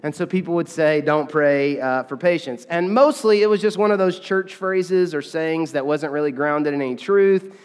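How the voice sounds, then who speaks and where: A man's voice: a little high, normal speed, few pauses, clean tone, long reverb tail. A man preaching a sermon as pastor, in a conversational, chatty way, often checking in with the congregation. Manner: conversational, with frequent "okay?" and fillers.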